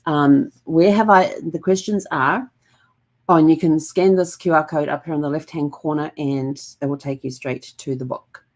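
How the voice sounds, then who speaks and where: A woman hosting a reflective vlog, talking in a gentle, calm and rambling way with many fillers. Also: sits low, moderate pace. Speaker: host.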